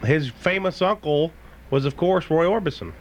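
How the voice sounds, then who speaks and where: A man's voice: on the high side, a little hiss or hum. Quizzing radio co-host man, raised voice. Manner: peppers callers with quick questions. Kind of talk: late-night call-in radio banter.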